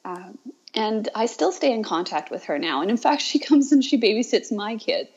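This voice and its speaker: A woman's voice: a little high, expressive, normal speed, darkish tone, slightly rough. A woman, a teacher, talking reflectively with hesitant restarts. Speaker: teacher and guest. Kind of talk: reflective conversation. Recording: dull, muffled audio.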